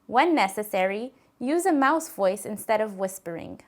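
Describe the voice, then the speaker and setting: A woman giving calm, clearly spoken scripted narration for an instructional voice-care video. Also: medium pitch, normal speed.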